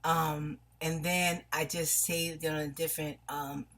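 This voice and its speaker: Low-voiced woman from New York, rambling. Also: level tone, measured pace, a bit bright. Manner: rambling, apologetic, distracted. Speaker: vlogger. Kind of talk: personal video monologue. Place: home in Los Angeles.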